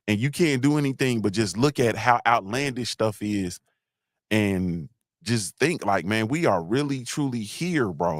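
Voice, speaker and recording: A man's voice: lowish voice, lively intonation, unhurried, dry recording, studio quality. A middle-aged man hosting a casual livestream, talking bluntly in a grumbling, repetitive way and answering his chat. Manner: blunt, grumbling, repeats himself, talks to chat. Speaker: livestream host.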